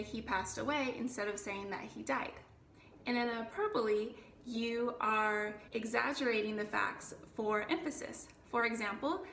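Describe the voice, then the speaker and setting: A woman tutor giving an explanatory lesson, defining each term clearly and reading out quoted examples. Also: on the high side, fairly bright tone. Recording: echoey room.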